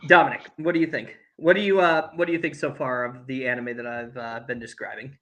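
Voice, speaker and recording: Excitable anime recap podcaster. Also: mid-range voice, fast. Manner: animated, laughs often, acts out quoted lines. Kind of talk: casual excited recap chat.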